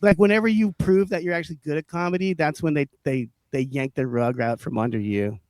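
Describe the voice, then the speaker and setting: Profane, animated male comic telling stories. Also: fairly high pitch, brisk, dry recording. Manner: profane, animated, laughs often, acts out quoted people. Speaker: podcast co-host, stand-up comic. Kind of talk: casual storytelling chat.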